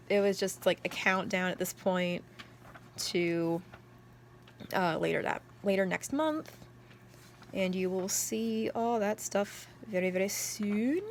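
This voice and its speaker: A young adult woman chatting casually about her journal, rambling, excitable, and packing her talk with "like.". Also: lowish voice, a little hiss or hum. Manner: rambling, heavy on "like" fillers; excitable storyteller. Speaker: journal vlogger. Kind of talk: casual chat.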